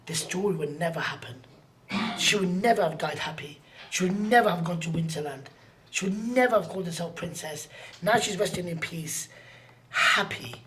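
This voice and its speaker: A man telling a personal story as a podcast guest, earnest and slangy. He repeats phrases for emphasis and often drops to a hushed near-whisper. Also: sits high, moderate pace.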